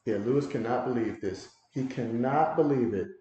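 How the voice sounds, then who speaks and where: A man hosting a livestream, giving casual play-by-play commentary and reading viewer comments aloud with excitable reactions. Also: medium pitch, moderate pace, highs cut off, a little hiss or hum. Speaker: livestream host doing play-by-play. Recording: very echoey room.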